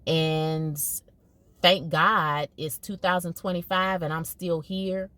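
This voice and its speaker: Emphatic, chatty woman with a low voice. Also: fairly even intonation, slow, a bit bright. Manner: conversational, emphatic, repeats herself. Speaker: podcast host and educator. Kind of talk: casual monologue.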